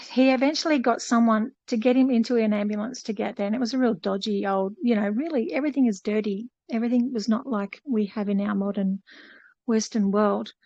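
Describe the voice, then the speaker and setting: Woman, fairly high voice, rambling fellowship storyteller, dry muffled sound. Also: mellow, no room sound. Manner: rambling, many fillers and restarts, paraphrasing a story. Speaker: fellowship participant. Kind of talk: casual testimony retelling.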